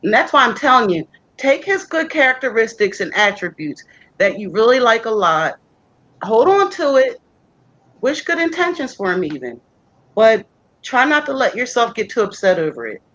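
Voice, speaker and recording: A woman's voice: on the high side, big pitch swings, moderate pace, fairly bright tone, dull audio. A woman giving a chatty, reassuring psychic reading on a live stream, full of fillers like "you know". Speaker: psychic co-reader.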